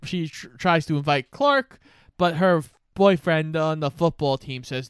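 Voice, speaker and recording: A young man with a smooth, somewhat high voice narrates a film's plot in relaxed, casual fashion. He defends the story's choices without much heat. The recording is close and dry. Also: unhurried, dry recording. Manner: laid-back, plot-summarizing, mildly defensive. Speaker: podcast co-host. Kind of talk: casual movie recap.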